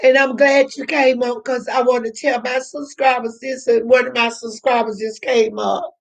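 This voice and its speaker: An older woman hosting a live stream speaks slowly to her viewers, emotional and close to tears, calling them honey. Her voice is a little high and creaky with fairly even intonation, and the audio quality is poor.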